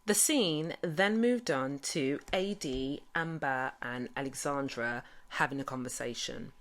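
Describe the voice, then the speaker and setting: A low-pitched woman talks through a show recap in a loose, chatty vlog style. She fills her sentences with "you know" and "like" as she goes. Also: measured pace, fairly bright tone. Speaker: recap vlogger. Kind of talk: casual recap with retold quotes.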